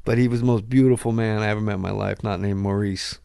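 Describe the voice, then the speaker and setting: A man who is a podcast guest, telling comic stories in a loud, excitable way and acting out sounds and quotes. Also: lowish voice, fast talker, vocal fry, smooth, dry recording, studio quality. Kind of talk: animated comic storytelling.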